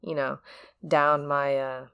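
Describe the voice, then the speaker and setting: Lower-voiced woman, dry close sound. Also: slow, clean tone, no room sound. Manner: relaxed, laughs easily, short backchannels. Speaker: podcast co-host. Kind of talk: casual chat.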